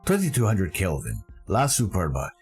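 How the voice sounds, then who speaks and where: A man's voice: sits low, wildly swooping pitch, normal speed, husky, faint music behind. A man from Canada hosting a live stream, talking casually and with enthusiasm in a rambling way, often correcting himself mid-sentence.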